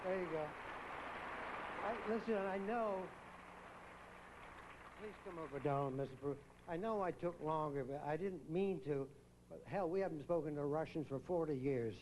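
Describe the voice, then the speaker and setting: Joking male pageant host, slightly high voice. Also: darkish tone, a little hiss or hum, low-quality recording. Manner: teasing and quick-witted. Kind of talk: joking live pageant emcee. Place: live on stage at an event.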